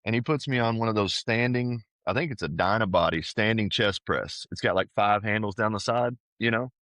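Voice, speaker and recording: A man's voice: fairly low pitch, a little fast, fairly bright tone, dry recording. A man being interviewed on a podcast, telling a personal story in a casual, earnest way and often saying "dude" and "man". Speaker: podcast guest, powerlifter.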